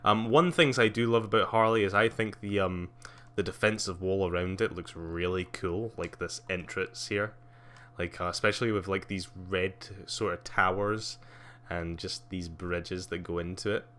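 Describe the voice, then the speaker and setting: A man's voice: sits low, steady tone, moderate pace, sharp tone, a little hiss or hum. A young man streaming live, rambling casually with lots of fillers and frequent laughs.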